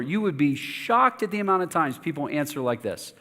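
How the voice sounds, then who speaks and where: Lively pastor telling a story in a reverberant hall. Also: male voice, on the high side, fast talker. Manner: animated storytelling, self-mocking, lively asides. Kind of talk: sermon with personal story. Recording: long reverb of a church hall.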